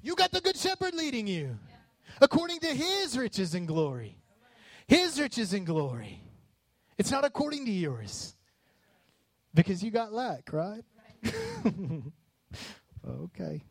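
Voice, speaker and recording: A high-pitched man preaching with fiery passion, his voice climbing into shouts at the peaks. The sound is close and dry, with no room echo. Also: wildly swooping pitch, takes it slowly, long pauses. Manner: passionate, rising to shouts on key lines. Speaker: pastor. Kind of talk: sermon.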